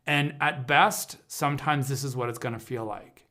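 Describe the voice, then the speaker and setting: A man's voice: mid-range voice, steady tone, moderate pace, bright, forceful tone. Earnest man teaching on a livestream. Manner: earnest, searching, restarts mid-sentence. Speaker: intuitive counselor hosting a livestream. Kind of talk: reflective spoken teaching on a livestream.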